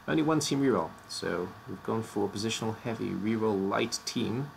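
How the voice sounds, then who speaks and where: A man's voice: on the low side, normal speed, vocal fry, a little hiss or hum. A man casually presenting teams on a live stream, his voice slightly worn out, joking and stumbling over odd names.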